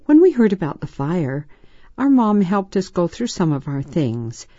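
A kind older girl cousin who explains things in a friendly, plain way, as a woman narrator puts her on. Her voice is mellow, heard on a dry, dull lo-fi storybook recording. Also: on the low side, big pitch swings, measured pace, no room sound.

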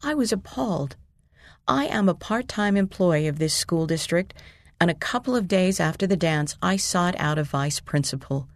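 A woman from the USA, a mother, reading her own story aloud in an earnest, steady narration. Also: on the low side, moderate pace, dry recording, clean studio sound. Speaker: mother telling a personal story. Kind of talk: scripted narration.

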